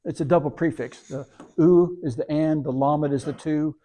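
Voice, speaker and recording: Mellow-voiced man teaching Hebrew. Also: a little high, fairly even intonation, moderate pace. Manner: patient, spells out words sound by sound. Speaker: service leader and teacher. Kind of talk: scripture reading and Hebrew lesson.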